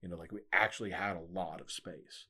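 A man's voice: low-pitched, fairly even intonation, fairly quick, sharp tone, breathy edge. A young man chatting casually as a podcast guest, telling a story in a laid-back way with lots of fillers and frequent laughs. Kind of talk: casual chat.

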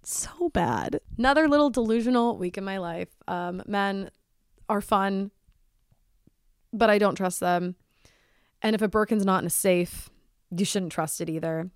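A young woman in her twenties hosts a solo podcast, talking close to a dry, deadened mic. She rambles casually with lots of "like", and her pitch sits in an ordinary middle range. When she acts out her friends' lines, her delivery jumps up in drama. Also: moderate pace, long pauses, clear, resonant tone, no room sound. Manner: chatty, dramatic, heavy use of "like", quotes friends in animated bursts. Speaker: podcast host.

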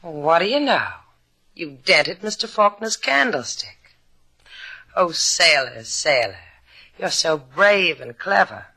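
A wry, sharp-tongued young woman in a 1950s radio drama. Her mocking lines come in a tense, sharp tone. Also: fairly low pitch, expressive, slow, gravelly, slightly rough, exaggerated voice.

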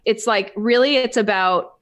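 A woman's voice: medium pitch, normal speed, no room sound, dull audio. A woman guest on a podcast, a business coach telling her story in casual interview talk and acting out the people she quotes. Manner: animated storyteller, acts out quoted voices with big jumps up.

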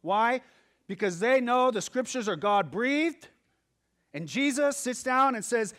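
A male pastor preaching a sermon, moving from quiet asides to loud emphatic passages and acting out quoted voices. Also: very high-pitched, expressive, unhurried.

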